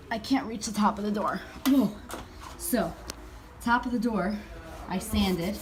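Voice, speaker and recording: A woman casually chatting to the camera as she fixes up and paints a front door, upbeat and talkative. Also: a little high. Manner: chatty and upbeat, talks to camera while working. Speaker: home renovation vlogger. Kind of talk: casual DIY vlog.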